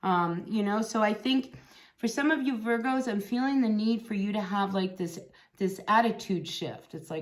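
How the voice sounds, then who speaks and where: A woman's voice: medium pitch, moderate pace. A woman giving a casual, chatty tarot reading, encouraging and blunt, often tagging lines with "right?" and "you know". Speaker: tarot reader.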